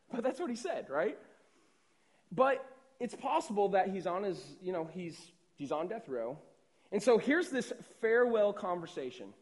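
A young adult man with a high voice preaches a sermon as a pastor. His style is conversational, often checking in with "right?" and repeating words.

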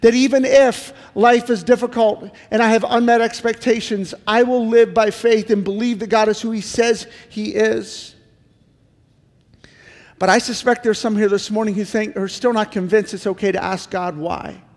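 A man's voice: high-pitched, fairly even intonation, moderate pace, big-room sound. A middle-aged male pastor giving an earnest sermon, full of repeated pleading questions. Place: church sanctuary.

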